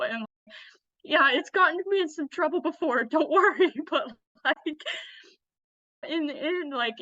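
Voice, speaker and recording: A young woman guest telling her story in a casual interview, blunt and energetic, laughing often and close to tears. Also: high voice, no echo, lo-fi sound. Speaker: guest, clothing designer.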